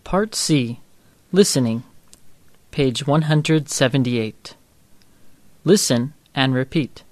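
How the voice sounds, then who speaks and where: A man's voice: mid-range voice, no room sound. A man reading out textbook exercise titles and instructions in a formal manner. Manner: slow, formal announcing. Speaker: textbook audio narrator.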